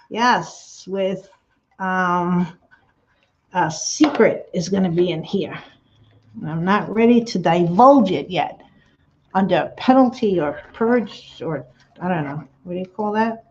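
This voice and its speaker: A woman hosts a crafting livestream from her table at home, chatting to viewers in a slow, unhurried way. She rambles, laughs often and reads out the chat as she works. The sound comes through a slightly dull laptop mic. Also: medium pitch, darkish tone.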